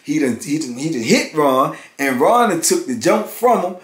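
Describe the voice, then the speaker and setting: A man in his fifties telling a prison story in casual, animated talk. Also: on the high side, moderate pace. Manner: animated, acts out others' voices. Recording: roomy echo.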